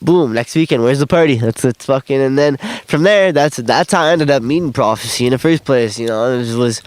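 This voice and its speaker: A man's voice: medium pitch, brisk. A young man telling stories from his life in a rambling, profane, laughing way, recorded outdoors in an interview. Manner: rambling, profane, laughs often, acts out quotes and freestyles. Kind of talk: casual storytelling interview. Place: outdoors on grass.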